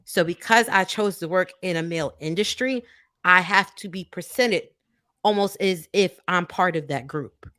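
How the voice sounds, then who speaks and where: A woman with a lowish voice makes a firm, matter-of-fact rebuttal on a podcast panel. She sounds close and dry. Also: normal speed, a bit bright, dry recording. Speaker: panel guest. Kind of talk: casual group discussion.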